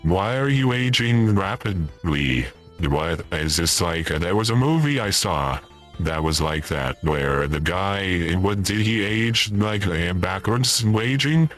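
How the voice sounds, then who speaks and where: A man's voice: low-pitched, lively intonation, takes it slowly, fairly bright tone, faint music behind, heavily acted. A man putting on the voice of a forgetful retired old man who rambles, stops and repeats himself. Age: older. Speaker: streamer in character. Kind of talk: comedic in-character livestream chat.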